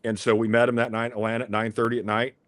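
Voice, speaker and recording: A man's voice: medium pitch, level tone, rapid-fire, a bit bright, no echo. A man, a former athletic director, telling an earnest, rambling story with many restarts in a podcast interview.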